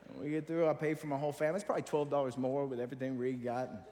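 A middle-aged man preaching a sermon as a pastor, telling a story in an animated, self-deprecating way. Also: medium pitch, very fast. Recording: long reverb of a large hall.

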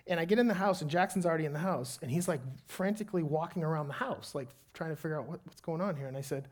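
With a fairly high-pitched voice, a pastor who has a young child delivers a sermon, recounting a spirited personal anecdote that gives way to slow, heartfelt prayer.

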